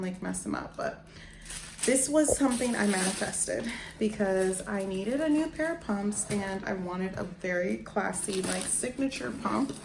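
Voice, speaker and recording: Effusive woman vlogger talking to camera, lots of "like", roomy echo, faint hiss. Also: mid-range voice. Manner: chatty, effusive, lots of "like" and "guys". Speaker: lifestyle vlogger. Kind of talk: casual chat to camera.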